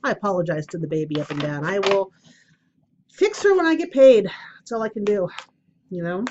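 A woman's voice: mid-range voice, lively intonation, moderate pace, highs cut off, noisy background. A woman chatting casually at home for her vlog, rambling and self-deprecating as she tells stories before an oracle card reading. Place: at home, indoors.

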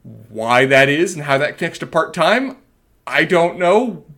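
A man's voice: on the high side, big pitch swings, unhurried, bright, forceful tone. A man co-hosting a podcast, chatting casually and spinning playful, wordy theories. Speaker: podcast co-host. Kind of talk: casual recap chat.

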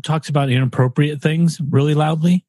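A man's voice: a little high, steady tone, fairly quick, mellow, dry recording. A man co-hosting a podcast, joking around in casual chat and slipping into put-on accents. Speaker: podcast co-host. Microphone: studio microphone.

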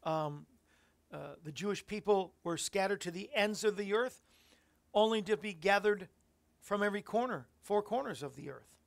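Male Christian radio host, rough gravelly voice, loose musing scripture commentary. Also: high-pitched, normal speed. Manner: reflective, rambling preaching with fillers.

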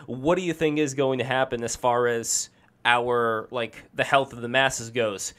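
Flat-voiced, smooth podcast host man. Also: medium pitch. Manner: measured, asks long questions. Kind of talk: hosting a live-streamed talk show.

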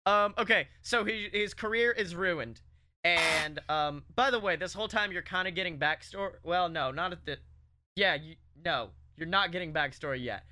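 A man co-hosting a comedy podcast, rambling excitedly as he pitches a made-up movie plot, with lots of ums, swearing and laughter. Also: moderate pace. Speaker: podcast co-host.

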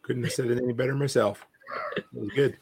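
A man with a husky voice speaks as a guest on a casual podcast. He talks hesitantly and pauses on filler words. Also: medium pitch, steady tone, darkish tone. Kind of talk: casual chat.

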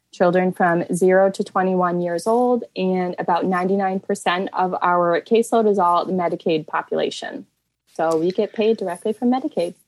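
A woman's voice: fairly low pitch, a little mellow, dry recording, low-quality recording. A woman, a therapy business owner, speaking as a podcast guest in a friendly, upbeat, conversational way. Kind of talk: casual interview chat.

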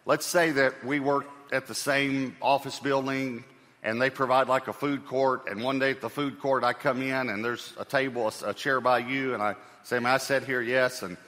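Male pastor, mid pitch, bright voice, conversational sermon delivery with repeated phrases, hall reverb. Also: steady tone, moderate pace.

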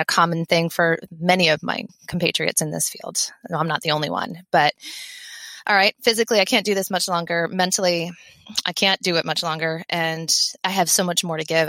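A woman in her thirties from the Philadelphia area, a veterinary technician who is a guest on an interview podcast, talking in an upbeat, energetic way and laughing often. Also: lowish voice, vocal fry, dry recording. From Philadelphia area, USA. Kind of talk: conversational interview.

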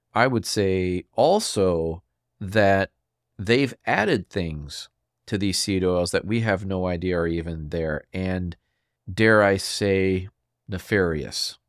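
A man's voice: deep voice, no room sound, studio quality. A man hosting a solo health podcast, lecturing emphatically and asking his listeners rhetorical questions. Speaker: podcast host.

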